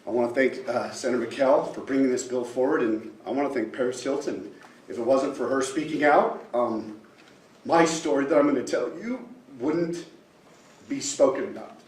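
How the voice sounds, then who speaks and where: A man in his forties from Utah gives public testimony, his voice halting and emotional, broken by pauses and fillers. He is heard from some distance in a roomy, echoing hearing room with faint background noise. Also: medium pitch, a little mellow. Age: 40s. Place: large legislative hearing room. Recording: echoey room, far from the mic.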